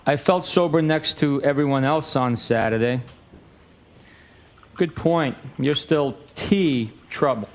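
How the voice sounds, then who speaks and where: A man's voice: a little high, slow. Man reading text messages aloud.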